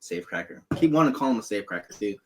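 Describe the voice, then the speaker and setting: A man's voice: on the low side, racing. A man hosting a podcast, chatting casually about a movie, swearing a lot and acting out lines in silly voices. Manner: profane, animated, acts out quotes in silly voices. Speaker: podcast host.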